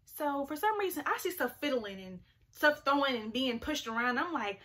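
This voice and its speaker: A young woman vlogger telling a story in an animated, chatty way, full of "like" fillers. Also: high voice, moderate pace. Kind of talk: storytime vlog.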